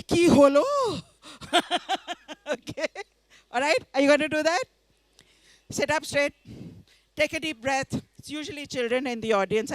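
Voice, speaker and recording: High-voiced woman telling a story. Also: no echo. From India. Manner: lively, coaxes the audience to join in, laughs often. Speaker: author reading to an audience. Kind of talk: interactive storytelling reading. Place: festival tent.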